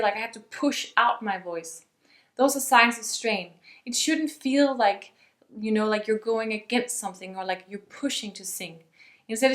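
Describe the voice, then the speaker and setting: A young woman giving a friendly vocal lesson to camera as a singing teacher. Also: a little high. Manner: friendly, demonstrates sung and yelled examples.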